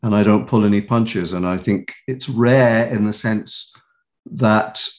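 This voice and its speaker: British guy rambling thru showbiz stories, lots of restarts and laughs, lowish voice. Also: a little slow. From England. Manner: animated storyteller with many restarts and laughs. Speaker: guest, voice actor and author. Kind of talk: casual interview chat.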